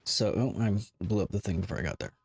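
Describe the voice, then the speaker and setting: A man's voice: lowish voice, fast, vocal fry, husky. A man streaming a game, giving casual, rambling commentary full of asides to his chat.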